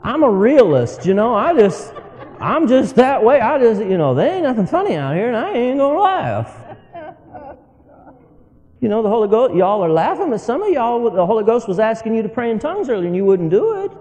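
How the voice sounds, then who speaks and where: A preacher man telling a folksy story from the pulpit, chuckling often. His warm voice rises and falls widely. The sound carries a long reverb from a church hall. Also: extremely high pitch, big pitch swings, brisk. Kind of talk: sermon storytelling.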